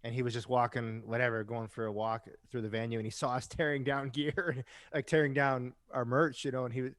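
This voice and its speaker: A man's voice: mid-range voice, flat delivery, fairly quick, a bit bright, dry recording. Chatty rock musician man, dry sound. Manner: chatty storyteller who keeps asking "right?"; swears casually. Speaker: podcast guest, rock musician. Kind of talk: casual chat.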